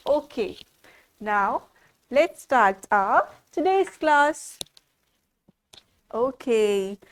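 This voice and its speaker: A woman teaching small children, repeating words in a slow, sing-song way and asking them questions. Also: high-pitched. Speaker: preschool teacher. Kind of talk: classroom lesson for small children.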